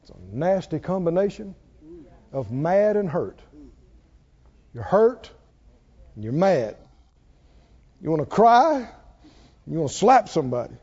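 A man preaching a sermon in a folksy, animated way, asking the congregation questions as he goes. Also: sits high, slow, long pauses, husky. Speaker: pastor. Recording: dull lo-fi recording.

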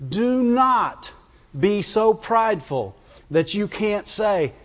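High-voiced preacher in a reverberant church. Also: male voice, slow pace. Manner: conversational, asks the congregation questions, animated pitch jumps. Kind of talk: sermon. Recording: dull lo-fi sound, long church reverb.

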